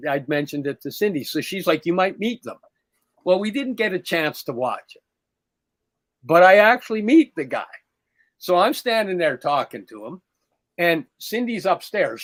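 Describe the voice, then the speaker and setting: A man's voice: on the high side, no echo. A middle-aged man co-hosting a podcast, telling a story in casual chat and acting out the quoted lines with a raised voice. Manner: animated, acts out quoted dialogue in a raised voice. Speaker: podcast co-host.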